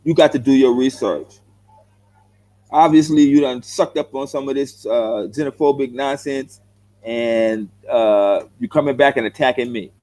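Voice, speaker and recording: A man's voice: mid-range voice, measured pace, darkish tone, low-quality recording. Blunt, confrontational middle-aged man from Los Angeles. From South Central Los Angeles, United States. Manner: blunt, confrontational, repeats himself, calls viewers bro. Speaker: vlogger answering viewer comments. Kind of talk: heated direct-to-camera rant.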